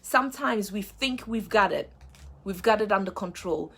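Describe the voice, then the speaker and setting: A woman's voice: mid-range voice, animated, normal speed, vocal fry, fairly bright tone, slightly rough. A woman hosting a faith-based motivational show, speaking earnestly and repeating key phrases for emphasis.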